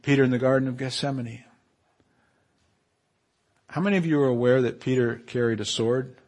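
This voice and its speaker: Animated preaching man. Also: mid-range voice, moderate pace. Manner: animated, rising to loud emphatic peaks; repeats words and restarts phrases. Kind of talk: sermon.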